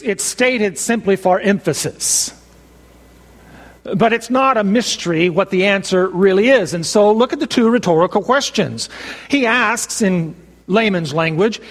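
A man preaching a sermon, measured and emphatic, slowing down to stress key phrases. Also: sits high. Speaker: pastor. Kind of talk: expository sermon. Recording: long reverb of a large hall.

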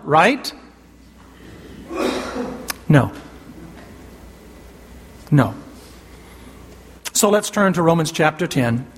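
A little hiss or hum sits under a high-voiced man preaching in a space with long hall reverb. He's emphatic, cites scripture, and questions the congregation, pausing so they can call out answers.

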